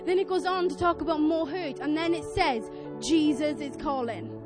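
A young woman preaching a sermon, telling a story in a chatty, earnest, animated way and acting out voices. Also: very high voice, a little fast, music in the background. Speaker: lay preacher.

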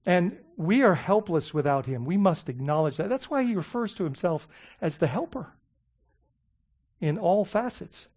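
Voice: medium pitch, expressive, moderate pace, darkish tone. Emphatic preacher on a dull recording. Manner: emphatic, repeats words, checks in with the congregation. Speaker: pastor. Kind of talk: sermon.

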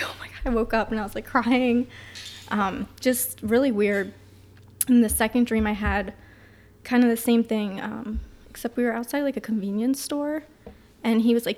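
Soft-spoken woman with a higher voice. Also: fairly even intonation, moderate pace. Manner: soft, hesitant, trails off. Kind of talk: casual podcast chat.

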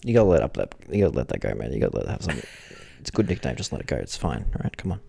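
A man's voice: a bass voice, sing-song, racing, vocal fry, mellow, breathy edge. A man co-hosting a podcast, improvising a comedic story for his co-host, rambling and laughing often.

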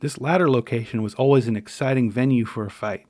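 A middle-aged man narrating a memoir story in a wry, measured, dryly humorous way. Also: medium pitch, darkish tone, no room sound, clean studio sound.

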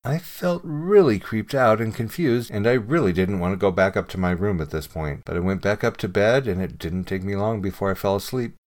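Guy with a lowish voice reading a creepy true story, calm and measured, goes hushed sometimes. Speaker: narrator reading a submitted story.

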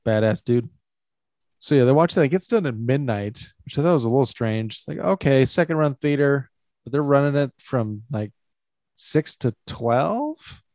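Male podcast co-host, relaxed movie banter, mid-pitched, dead-dry sound. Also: no room sound. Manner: laid-back, laughs often. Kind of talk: casual movie chat.

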